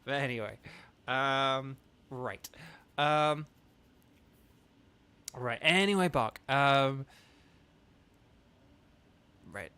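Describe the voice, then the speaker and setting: A man's voice: mid-range voice, very slow, long pauses, bright, forceful tone, clean tone. A man streaming a video game and chatting casually, rambling with lots of fillers and laughing asides.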